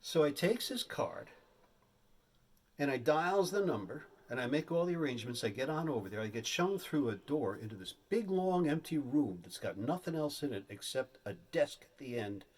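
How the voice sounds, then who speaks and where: A man telling a comic story on stage, with an animated, exaggerated delivery. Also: mid-range voice, normal speed, slightly rough. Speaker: stand-up comedian. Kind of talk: stand-up storytelling.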